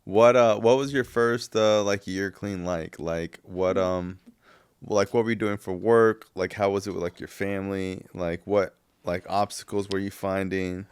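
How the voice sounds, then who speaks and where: A man hosting a podcast, asking hesitant, halting questions full of fillers. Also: deep voice, steady tone, smooth, dry recording, studio quality. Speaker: podcast host. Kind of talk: interview questions.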